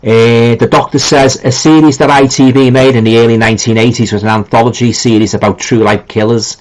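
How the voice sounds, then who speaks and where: A man's voice: mid-range voice, steady tone, a little fast, a little mellow, rough recording. A middle-aged man with a Liverpool accent chats easily through a live stream, reading viewer comments aloud. His talk rambles in an informal way, full of ums, repeated starts and colloquial turns of phrase. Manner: rambling and chatty, with many ums and repeated restarts.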